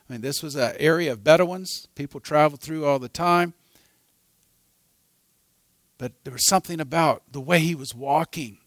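A male preacher telling a sermon story, his voice sitting high for a man. He swings from hushed passages to loud, dramatic ones. The recording is dry and close, with no room sound. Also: no echo.

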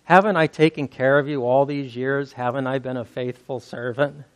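A man voicing a faithful male donkey that pleads softly with its master during a sermon retelling. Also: mid-range voice, steady tone, moderate pace, dry recording, lightly acted. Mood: hurt.

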